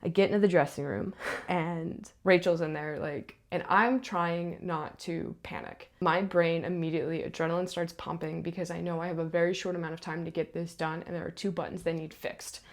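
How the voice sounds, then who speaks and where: A young woman, a stage manager, telling a backstage story in a chatty, animated way with lots of asides. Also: on the low side, a little fast. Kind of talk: casual storytelling to camera.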